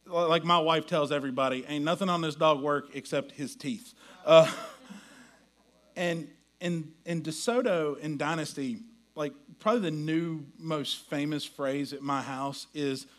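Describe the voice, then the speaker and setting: A man preaching a sermon as pastor, folksy and storytelling, dropping to a hush and rising to loud quoted lines. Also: fairly high pitch.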